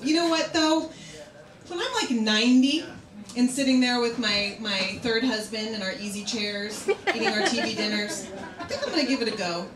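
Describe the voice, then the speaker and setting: A woman in her thirties doing a stand-up comedy set in a bar, telling bawdy stories with animated, acted-out quotes. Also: a little high, normal speed. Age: 30s. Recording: echoey club with loud noise. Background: audience laughter.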